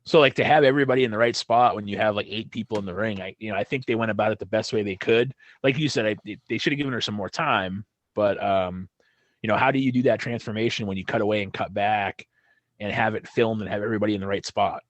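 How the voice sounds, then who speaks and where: A man's voice: on the low side, quick pace, dry recording. A man co-hosting a wrestling podcast, talking casually in a rambling way and swearing when he gets heated. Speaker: podcast co-host. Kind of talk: casual chat.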